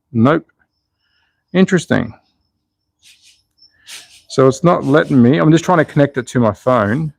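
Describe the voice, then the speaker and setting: On a dry recording, a gravelly, mid-pitched slot car channel host from Melbourne, Australia, chats through a relaxed live stream. He muses aloud and answers questions coming in from the viewers' chat.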